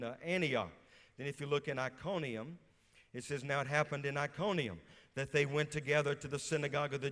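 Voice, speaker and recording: Man preaching, higher voice, church reverb. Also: a bit bright. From Louisiana. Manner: preaches with questions to the congregation. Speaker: pastor. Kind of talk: sermon. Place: church sanctuary.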